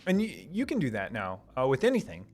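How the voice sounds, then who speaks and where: A man's voice: medium pitch, huge pitch swings, a little fast. A man with a Minnesota accent chats casually on a live stream. He is upbeat and often restarts his sentences. Faint music plays underneath. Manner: enthusiastic, lots of fillers and restarts. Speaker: streamer host answering chat; software engineer.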